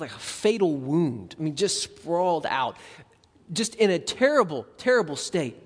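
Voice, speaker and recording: A man preaching a sermon as a pastor, conversational and animated, acting out quick asides. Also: high-pitched, in a large hall.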